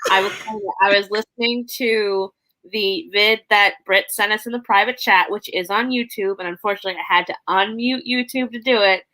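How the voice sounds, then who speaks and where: A woman's voice: mid-range voice, fairly even intonation, brisk, pushed and bright, dry recording, rough recording. A woman co-hosting a writing livestream, chatting casually and self-deprecatingly with stumbling restarts. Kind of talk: casual chat.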